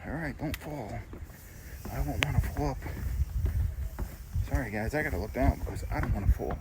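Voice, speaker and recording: Heavy background noise surrounds a man's mid-range voice as he vlogs a walk on a nature trail and lookout tower. He talks at normal speed, chatty and enthusiastic about the sights.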